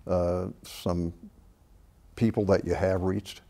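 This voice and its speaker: A man hosting an interview, asking halting, searching questions. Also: low voice, level tone, gravelly, mellow. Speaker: host.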